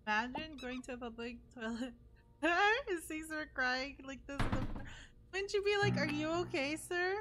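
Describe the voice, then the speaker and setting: A woman streaming a game, excitable and playfully dramatic, who breaks into mock wailing. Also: high-pitched, moderate pace. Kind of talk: casual gameplay commentary. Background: music.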